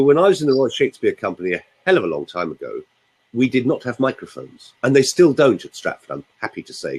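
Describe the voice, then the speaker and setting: An older man coaches listeners on using their voice. His delivery is theatrical and instructive, with a lively melody. A faint huskiness sits under it. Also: on the low side, slightly rough, rough recording. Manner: theatrical, explanatory, demonstrates with his own voice. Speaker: voice coach guest. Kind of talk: radio studio voice coaching demonstration.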